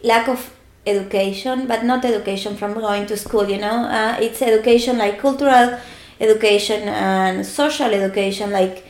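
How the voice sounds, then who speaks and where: A middle-aged woman with an Argentinian Spanish accent, talking fast and restarting her sentences in casual conversation. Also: mid-range voice, steady tone, roomy sound.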